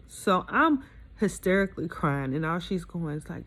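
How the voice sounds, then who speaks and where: A woman's voice: lowish voice, very animated, moderate pace, fairly bright tone. A woman candidly telling her own divorce story in casual, aggrieved storytelling. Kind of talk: emotional personal storytelling.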